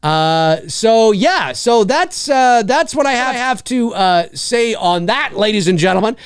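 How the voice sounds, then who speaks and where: A man hosting his own live show, giving his opinion in an animated, loose way, restarting sentences and repeating phrases for emphasis. His voice sits high and swings widely in pitch. The sound is dry, with no room in it. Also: unhurried, clean tone, dry recording. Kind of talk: casual opinion talk.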